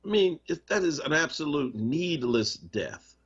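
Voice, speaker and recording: A man's voice: fairly high pitch, very animated, unhurried, husky. A man hosting a live radio talk show, speaking in an impassioned, conversational and emphatic way. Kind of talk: live radio talk, reading listener comments. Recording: muffled radio stream.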